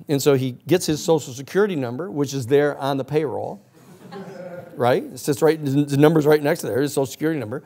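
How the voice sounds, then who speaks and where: A male lecturer telling a long story to a class in a rambling, animated way full of "you know" and "uh". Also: a little high, brisk.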